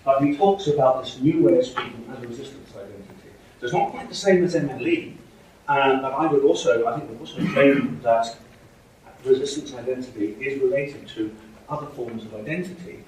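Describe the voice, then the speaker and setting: A man's voice: medium pitch, brisk, a little mellow, a little hiss or hum. A man giving a university lecture, hesitant with frequent fillers and restarts. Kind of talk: academic lecture. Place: lecture hall. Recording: echoey hall from far off.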